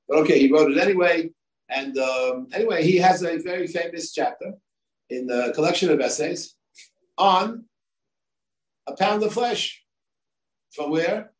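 Older rabbi lecturing in a roomy space. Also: male voice, fairly high pitch. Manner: discursive, many fillers and asides. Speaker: rabbi and yeshiva head. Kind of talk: Torah lecture. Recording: echoey room, distant mic, faint ambience.

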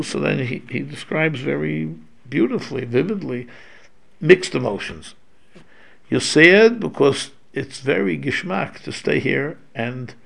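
A man's voice: medium pitch, creaky. A man giving an informal religious lecture, talking in a loose conversational way with many restarts and Hebrew terms mixed in. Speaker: Torah teacher.

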